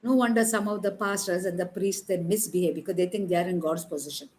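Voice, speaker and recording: A woman's voice: on the low side, fairly even intonation, quick pace, darkish tone, rough recording. Emphatic woman preaching. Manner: conversational, emphatic, rhetorical questions. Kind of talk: informal sermon.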